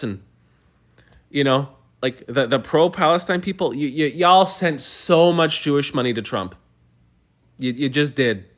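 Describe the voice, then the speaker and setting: A man's voice: a little high, fairly bright tone. A man hosting a livestream, answering viewer comments in a heated, argumentative way with many stumbling restarts. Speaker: livestream host.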